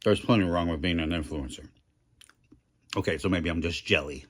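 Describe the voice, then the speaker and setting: A man's voice: sits low, fast talker. A middle-aged man rambling through a casual food review vlog, chatty and self-deprecating, talking with his mouth full.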